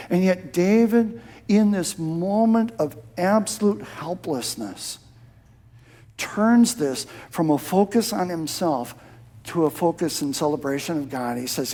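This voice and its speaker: A man preaching a sermon in a church, impassioned, dropping to a hush and then rising to shouted emphasis. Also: on the high side. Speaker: pastor.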